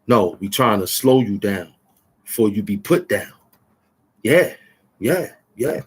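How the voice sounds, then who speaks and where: A man's voice: fairly low pitch, normal speed, husky. Taunting man ranting to the camera. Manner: taunting, rambling, boastful. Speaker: channel host. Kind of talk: trash-talking rant at the camera.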